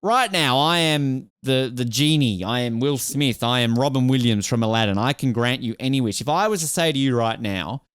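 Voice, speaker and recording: A man's voice: medium pitch, animated, moderate pace, hardly any pauses, fairly bright tone, clean tone, dry recording, studio quality. A man hosting a podcast interview, chatty and joking, asking rambling questions full of fillers. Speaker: podcast host. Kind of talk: casual interview chat.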